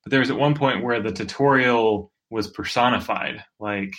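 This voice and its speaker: A man's voice: medium pitch, moderate pace, a bit bright. A man co-hosting a podcast, chatting casually in a laid-back, hesitant way with short agreeing replies. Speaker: podcast co-host. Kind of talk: casual chat about a video game.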